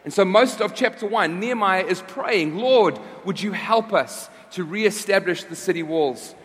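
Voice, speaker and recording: High-voiced man preaching in a reverberant hall. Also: lively intonation, measured pace, a bit bright. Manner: conversational, restarts and repeats phrases. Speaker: pastor. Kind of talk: sermon. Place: church service. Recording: long reverb of a large hall.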